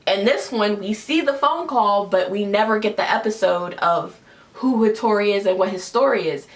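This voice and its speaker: A woman hosts a relaxed review chat, talking things through in a loose, conversational manner. Her pitch sits in an ordinary middle range, and she is frank about what she likes and dislikes. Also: moderate pace. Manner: opinionated, conversational. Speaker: host.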